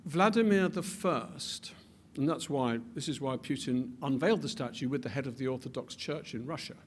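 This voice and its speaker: A man giving a public talk with animated delivery, building to emphatic peaks and often repeating words as he restarts his sentences. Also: mid-range voice, fast, a little hiss or hum. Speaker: speaker.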